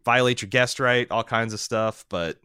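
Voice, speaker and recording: A man co-hosting a podcast in casual chat, recapping an episode and reading listener mail, with halting speech full of fillers and restarts. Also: mid-range voice, pushed and bright, smooth, no echo, studio quality. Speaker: podcast co-host.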